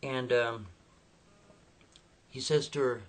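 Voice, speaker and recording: A man spins a story in a loose, chatty way, animated and clearly enjoying himself. His voice sits at an average pitch with a husky, slightly rough grain. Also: a little slow. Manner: animated, chatty, laughs at own tale. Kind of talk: casual spoken storytelling.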